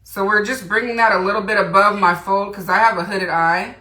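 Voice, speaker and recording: A chatty woman talks through her makeup on a livestream, greeting viewers and reading their comments as she goes. Her voice is bright and clear, and the room around her sounds roomy and echoey. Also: medium pitch, steady tone, fairly quick. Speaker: beauty livestream host. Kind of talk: casual makeup tutorial livestream. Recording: roomy echo.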